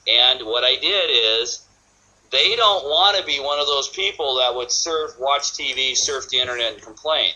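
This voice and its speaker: A man's voice: mid-range voice, normal speed, sharp tone, low-quality recording. A man giving a sales training talk, energetically acting out customers' thoughts in quoted voices.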